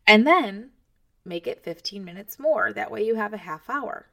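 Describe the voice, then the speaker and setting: This woman in her thirties, a podcast host, encourages other moms in casual, chatty talk aimed directly at the listener. Her voice is medium-pitched, animated, gravelly, bright and forceful, delivered at a normal speed.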